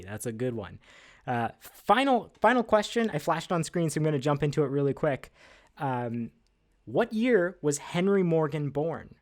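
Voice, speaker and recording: Behind a desk indoors, a man hosts a casual livestream trivia in a slightly mellow, somewhat high voice. He's chatty and upbeat, using lots of filler words and self-deprecating asides.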